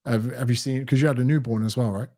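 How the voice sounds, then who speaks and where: A man's voice: mid-range voice, fairly even intonation, fast, mellow. A male podcast host asking direct questions in a conversational way. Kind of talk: interviewing.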